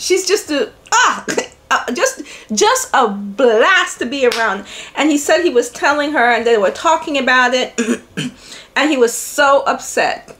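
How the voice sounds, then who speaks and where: Chatty older woman telling a story. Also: high voice. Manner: animated, laughing often, quoting others. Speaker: vlogger. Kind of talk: casual storytelling to camera.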